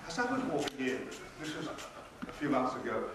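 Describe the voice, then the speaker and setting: A man's voice: mid-range voice, sing-song, normal speed, fairly bright tone, a little hiss or hum. Wry man, echoey distant hall. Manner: wry, theatrical storyteller. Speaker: convention panel guest. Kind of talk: humorous anecdote telling. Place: large convention hall. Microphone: far from the mic.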